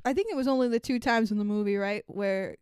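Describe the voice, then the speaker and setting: A woman's voice: medium pitch, fast talker, a little mellow, clean tone, dry recording, clean studio sound. A young woman co-hosting a podcast, recapping a movie in casual chat, laughing, swearing and acting out lines. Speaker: podcast co-host.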